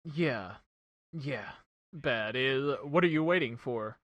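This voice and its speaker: A man's voice: mid-range voice, expressive, slow, muffled recording, a crowd in the background. A man co-hosting a film podcast in casual chat, sarcastic and swearing, mimicking movie lines as he goes. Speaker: podcast co-host.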